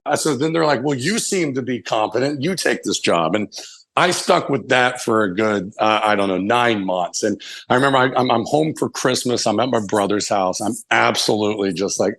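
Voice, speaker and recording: A man in his forties, a chef guest telling long candid stories, rambling and swearing freely. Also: on the low side. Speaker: chef and restaurant owner, podcast guest. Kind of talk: casual storytelling interview.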